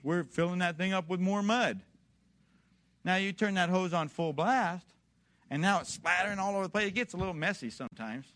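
A man preaching a sermon to a congregation, emphatic and fond of rhetorical questions, building from quiet storytelling to loud exhortation. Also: sits high.

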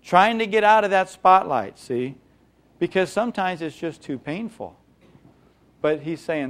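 A man's voice: high voice, animated, a little slow, a bit bright. A man preaching a sermon in a conversational way, with rhetorical questions and acted-out examples.

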